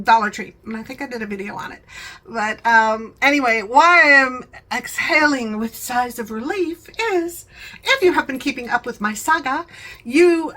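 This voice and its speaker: A woman's voice: high voice, bright, forceful tone, poor audio. A talkative woman hosting a home vlog, rambling chattily and laughing often. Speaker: vlogger, channel host.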